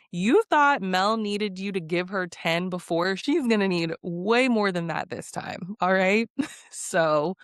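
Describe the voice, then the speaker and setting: A woman's voice: on the low side, smooth, dry recording, studio quality. A young woman recapping a reality TV episode in a casual, blunt and exasperated way.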